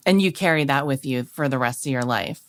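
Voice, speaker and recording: A woman co-hosting a podcast in casual chat, chiming in with quick wry asides. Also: very deep voice. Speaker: podcast co-host.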